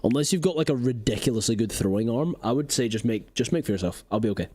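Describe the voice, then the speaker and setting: Playful, lively-voiced male streamer. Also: mid-range voice, quick pace, slightly rough. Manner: playful, chatty, talks to viewers, drifts into silly voices. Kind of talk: casual live-stream chat. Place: home streaming setup in rural Scotland.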